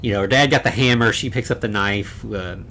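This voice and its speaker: A man's voice: on the low side, brisk, pushed and bright, a little hiss or hum. A man co-hosting a horror podcast, recapping a film in casual chat, rambling with many fillers and restarts. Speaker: podcast co-host.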